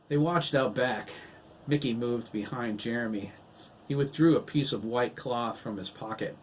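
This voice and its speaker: A man narrating his own novel in a steady, even audiobook reading. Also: mid-range voice, normal speed, recorded from a distance, slight background noise, poor audio. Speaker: author and narrator.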